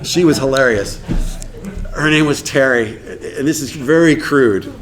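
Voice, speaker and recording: A man's voice: mid-range voice, a little slow, a crowd in the background. A man in his fifties speaking to a recovery meeting, telling his story in a candid, humorous, blunt way. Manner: acts out quoted dialogue. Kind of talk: casual storytelling talk to an audience.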